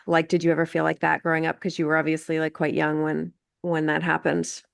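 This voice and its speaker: Canadian woman host, middle-aged, lowish creaky voice, loose chatty interviewer. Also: little pitch movement, brisk, hardly any pauses, no room sound, clean studio sound. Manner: chatty, many fillers and restarts. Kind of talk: casual conversational interview.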